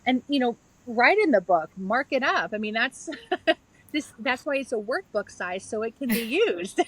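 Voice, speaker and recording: A woman's voice: a little high, sing-song, a little slow, fairly bright tone, breathy edge, poor audio. A middle-aged woman, a yoga therapist and author, earnestly explaining a practice step by step in a conversational interview.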